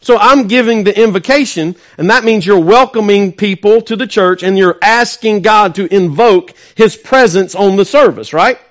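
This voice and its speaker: A man with a noticeably high voice preaching to his congregation. He builds to loud, emphatic peaks, then drops to soft, close asides. He often asks the church direct questions. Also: normal speed, hardly any pauses. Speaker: pastor. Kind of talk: sermon.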